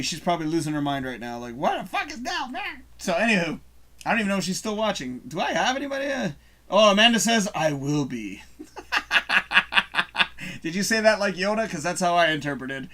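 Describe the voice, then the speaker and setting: Bright-voiced, chatty live-stream host, a man. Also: high voice. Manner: loose and chatty, laughs often, reads viewer comments aloud. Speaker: host of a live online talk show. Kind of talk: casual live-stream chat.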